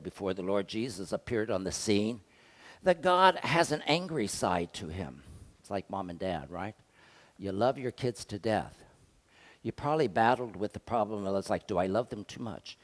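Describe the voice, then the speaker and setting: Low-voiced older pastor preaching. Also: male voice. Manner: conversational preaching with rhetorical questions, shifting loud and soft. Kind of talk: sermon.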